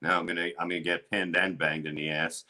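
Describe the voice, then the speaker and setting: A middle-aged man, a comedian, telling crude stories in a rambling, animated way with lots of restarts. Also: sits low, quick pace, low-quality recording. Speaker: comedian guest. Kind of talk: casual storytelling chat.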